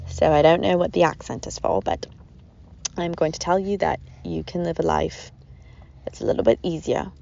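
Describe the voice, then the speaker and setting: Lowish gravelly woman rambling earnestly thru a self-help podcast, kinda dull muffled audio. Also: animated, moderate pace, warm tone. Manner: earnest, rambling, repeats phrases. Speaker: podcast host. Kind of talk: reflective self-help talk.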